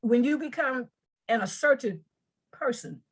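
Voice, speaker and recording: High-voiced woman coach explaining earnestly. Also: animated, unhurried, husky. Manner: earnest, repeats words while explaining. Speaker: anger management coach. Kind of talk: conversational interview, explaining with examples.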